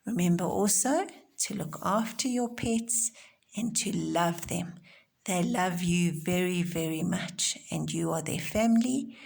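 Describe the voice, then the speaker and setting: Woman teacher, gravelly voice, slightly low pitch, gentle lesson for young kids. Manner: slow, gentle, explaining simply to small children. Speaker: primary school teacher. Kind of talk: recorded home-learning lesson for young children.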